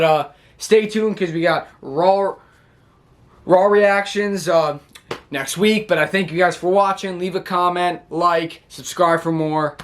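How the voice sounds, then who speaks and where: A man with a notably high speaking voice talks straight to his viewers in a loose, chatty recap. He rambles through fillers and restarts and lights up with excitement as he retells. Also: slight background noise. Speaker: wrestling reaction vlogger. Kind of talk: casual recap to camera.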